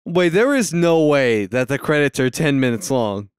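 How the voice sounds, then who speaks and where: A young man co-hosting a casual movie podcast, excitable and quick to swear and laugh. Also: mid-range voice, clear, resonant tone, no echo, clean studio sound. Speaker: podcast co-host. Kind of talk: casual movie-watching chat.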